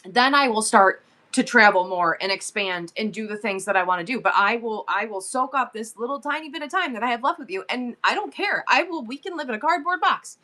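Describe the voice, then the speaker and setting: A woman's voice: on the high side, expressive, fairly quick, sharp tone. A woman in her forties hosting a live selling stream, talking emotionally about her son and gushing thanks to viewers. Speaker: livestream seller.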